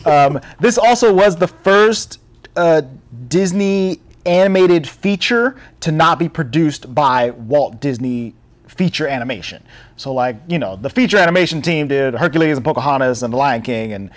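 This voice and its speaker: A man's voice: fairly high pitch, expressive, normal speed. A man hosting a podcast, recapping a film plot in casual chat and laughing often. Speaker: podcast host.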